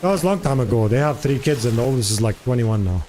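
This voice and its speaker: A man streaming live, talking loosely and chattily at a desk mic in a mid-pitched voice. He wanders between thoughts, fills gaps with "uh" and "like", and answers his chat as he goes. A faint hiss of ambience sits under the voice. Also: expressive, fast, mellow. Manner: rambling, chatty, many fillers, answers chat.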